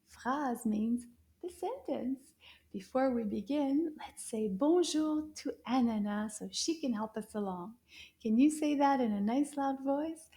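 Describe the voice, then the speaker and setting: A woman teaching a French lesson to children, speaking slowly and clearly in an encouraging teacher's way. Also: high voice, animated, dark tone. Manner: slow, clear, encouraging teacher talk with drawn-out words.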